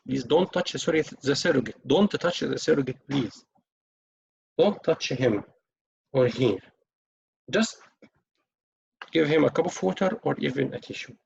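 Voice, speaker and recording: A man's voice: fairly high pitch, creaky, darkish tone, husky. A man teaching doctors how to break bad news, acting out the doctor and the relatives as he goes. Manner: acts out doctor and relative lines in a teaching session. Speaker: medical exam tutor. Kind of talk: teaching communication skills with role-play. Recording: dull lo-fi recording.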